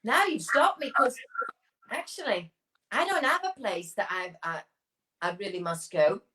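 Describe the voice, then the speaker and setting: An older woman answering a quick run of casual questions as an interview guest, chatty and self-assured. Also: fairly high pitch, sing-song, pushed and bright, low-quality recording.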